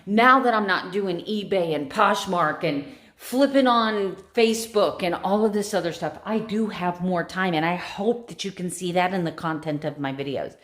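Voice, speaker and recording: A woman's voice: lowish voice, moderate pace. A middle-aged American woman vlogger chatting casually to camera in an emotional, confiding way. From United States.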